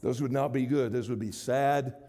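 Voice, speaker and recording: A middle-aged man preaching a sermon, building to loud, emphatic, high-pitched stretches. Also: fairly even intonation, normal speed, creaky, long reverb tail. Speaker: pastor.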